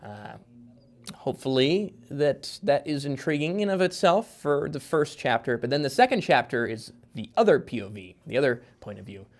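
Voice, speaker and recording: With a sing-song delivery at normal speed, a man in the middle pitch range chats as a guest author on a casual podcast. His explanations wander, restart, and fill up with filler words.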